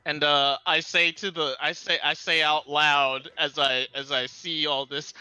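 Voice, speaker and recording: A woman playing a tabletop game, talking in an animated way about her character. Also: low voice, measured pace, few pauses, smooth, no echo, soft background music. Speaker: player. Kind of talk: casual tabletop play. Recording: dull lo-fi recording.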